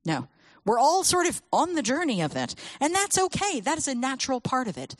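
A woman speaking to a church audience about children and faith, telling stories with lively acted quotes. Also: high voice, fairly quick, no echo. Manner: animated storytelling with acted quotes.

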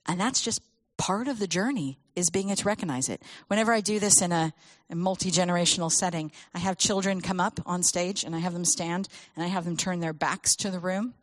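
A woman with a lowish voice addresses a church gathering, recorded close and dry. She talks in an animated storytelling way and acts out the lines of the people in her stories. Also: brisk, no room sound. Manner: animated storytelling with acted quotes. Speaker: speaker on children's ministry. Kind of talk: talk to a church audience.

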